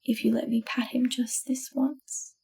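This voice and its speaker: A woman voicing a gentle, eager female wallaby with a very soft voice in a storybook. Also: on the high side, level tone, unhurried, gravelly, breathy edge, full character voice. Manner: very soft-spoken.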